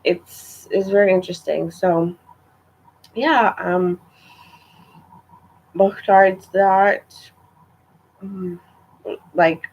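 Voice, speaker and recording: A woman's voice: medium pitch, fairly even intonation, extremely slow, long pauses, muffled recording. A young woman telling a story in a casual vlog, chatty and exasperated, with lots of filler words. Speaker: vlogger.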